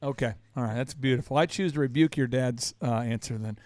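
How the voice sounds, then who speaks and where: A man's voice: mid-range voice, fairly quick, darkish tone, no room sound, studio quality. A man hosting a business podcast, teasing his guest in playful, exuberant banter. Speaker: podcast host. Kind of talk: lively radio show banter.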